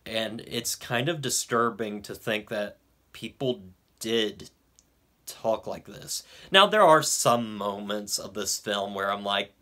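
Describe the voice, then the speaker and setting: Slow, bright-voiced young man. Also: fairly low pitch. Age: young adult. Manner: hesitant, many ums and restarts. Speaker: film reviewer. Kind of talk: casual video review.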